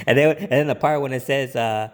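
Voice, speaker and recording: This DJ talks casually to the camera, giving business tips in a rambling way full of ums and jokey put-on quotes. His medium-pitched voice is clear and resonant, recorded with a big-room sound.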